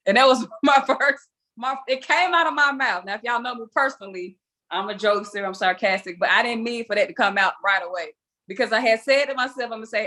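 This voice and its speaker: A woman's voice: a little high, fast, pushed and bright. A young adult woman hosting a weekly video call, telling a story casually, with a chatty, self-mocking manner and frequent laughs.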